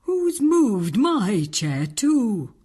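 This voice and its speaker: Storybook mama bear, man putting on a high voice: fussy, breathy, slow and sing-song. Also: sing-song, dark tone, exaggerated voice. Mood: dismayed. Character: fussy mother bear, grown woman. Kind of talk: storybook read-aloud.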